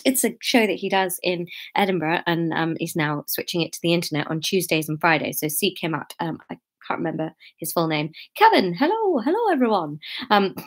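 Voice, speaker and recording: A woman, chatting casually and self-mockingly on a livestream from her bedroom, greeting viewers by name before reading aloud from her own book. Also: mid-range voice. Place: bedroom at home.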